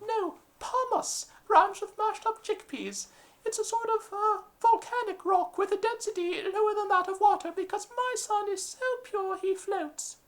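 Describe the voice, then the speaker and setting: A man voicing a haughty English mother with an English accent in a falsetto. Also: a little slow, fairly bright tone. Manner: prim, haughty, scolding. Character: prim, haughty English lady, middle-aged mother.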